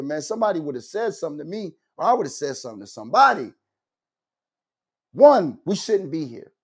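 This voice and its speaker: A man hosts a commentary show in a loose, profane rant, full of mocking asides and loud outbursts. His voice sits high for a man and has a husky, breathy edge. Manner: loud, animated, laughing, swearing, mocking asides.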